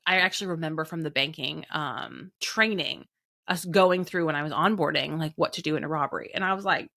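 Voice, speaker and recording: Midwest lady in her 30s telling a story, lowish voice, dry close sound, says like a lot. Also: brisk, creaky, bright, forceful tone, no echo. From Indiana, American Midwest. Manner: chatty, lots of "like" fillers, acts out quoted voices. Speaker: business owner and guest. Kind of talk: conversational storytelling.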